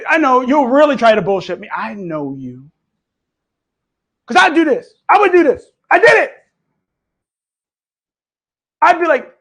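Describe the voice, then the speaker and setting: A man hosting, coaching a live audience in an animated, profane, mocking way. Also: extremely high pitch. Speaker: host.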